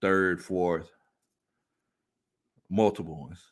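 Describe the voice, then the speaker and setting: A man hosting a casual sports talk stream, reading viewer comments aloud and laughing often. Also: drawn-out words. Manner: animated, laughs often, jumps into high-pitched squeals. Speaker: sports talk show host.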